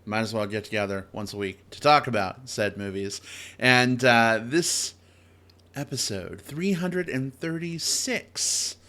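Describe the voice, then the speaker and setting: Male podcast host, bright and upbeat, casual chat with fillers. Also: medium pitch, measured pace.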